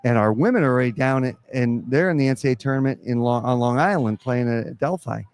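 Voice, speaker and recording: A man who coaches college basketball, telling lively stories in a live podcast interview at a pizza restaurant. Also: medium pitch, fast talker, smooth. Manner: animated storyteller acting out quotes.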